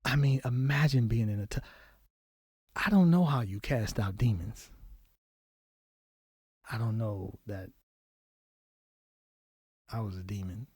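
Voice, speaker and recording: A man telling a painful personal story as a podcast guest, halting and repeating words, his voice often dropping low and soft. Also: husky, no room sound.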